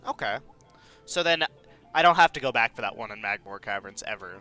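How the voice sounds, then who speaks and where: A man's voice: mid-range voice, animated, brisk, pushed and bright, soft background music. A man playing a game while chatting with a friend, joking and swearing casually. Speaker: player. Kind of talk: casual gaming commentary.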